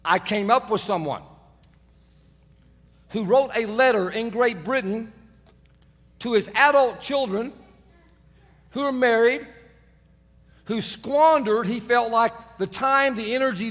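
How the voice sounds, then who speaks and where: Middle-aged male pastor, humorous storyteller, high voice, big reverberant church. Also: unhurried, pauses often, fairly bright tone. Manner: humorous storytelling, self-mocking. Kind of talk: sermon. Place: church sanctuary.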